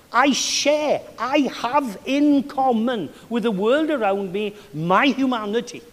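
A middle-aged man with a South Welsh accent preaching a sermon, chatty and animated, with self-deprecating asides. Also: high-pitched. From South Wales. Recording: long hall reverb.

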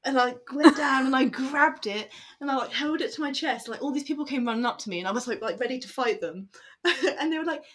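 Quick and a little bright, this woman's higher voice carries a loose, chatty interview. She wanders from point to point, full of filler words and frequent laughs.

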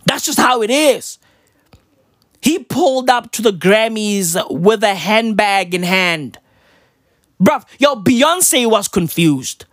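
A brash young man rants in a loud, profane, slang-heavy stand-up comedy style. His pitch swings wildly and is very animated, and the recording is dry and close. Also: slow, no room sound.

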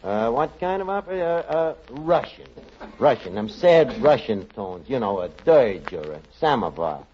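A brash, scheming bartender. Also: male voice, medium pitch, very animated, darkish tone, slight background noise. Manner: brash, fast-talking schemer. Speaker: show's lead character. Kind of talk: 1940s radio comedy acting. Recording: dull old radio broadcast before an audience.

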